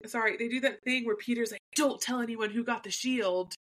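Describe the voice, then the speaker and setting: A woman co-hosting a podcast, talking through a reality show episode in a chatty way and slipping into voices to quote people. Her voice is bright and sits fairly high. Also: fairly even intonation, fairly quick. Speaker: podcast co-host. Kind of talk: casual recap chat.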